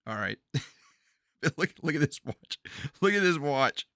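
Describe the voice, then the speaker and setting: A man chatting casually on a gaming livestream, animated, often repeating words and laughing. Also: on the high side, a little slow, clear, resonant tone, dry recording, studio quality.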